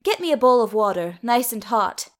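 A woman voicing a fierce, bossy dwarf mother who snaps orders and scolds in a sharp, commanding way. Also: fairly high pitch, lively intonation, moderate pace, lightly acted.

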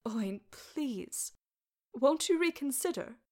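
A woman's voice: high-pitched, lively intonation, slow pace, darkish tone, voice pushed up. A woman voicing a dwarf mother who pleads tearfully for her sons. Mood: pleading, tearful.

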